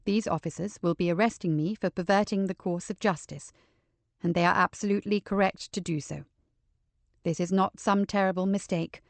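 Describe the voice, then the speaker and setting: A woman's voice: mid-range voice, normal speed, no echo, lightly acted. A woman reading a composed, grave older mother. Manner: even, controlled, softly dignified.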